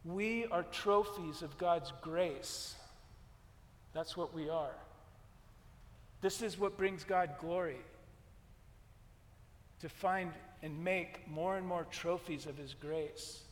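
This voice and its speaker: A man preaching a sermon in a high, ringing voice that carries a long hall reverb. He is emphatic, driving points home by repeating them and acting out scripture scenes. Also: slow, long pauses. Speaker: pastor.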